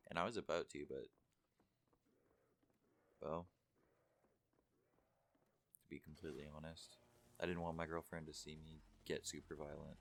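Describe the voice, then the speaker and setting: A man's voice: extremely low pitch, steady tone, a little slow, vocal fry, pauses often, no echo. A young man telling a story casually, rambling and swearing a lot, with many fillers. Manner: rambling, profane, full of fillers. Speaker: vlogger.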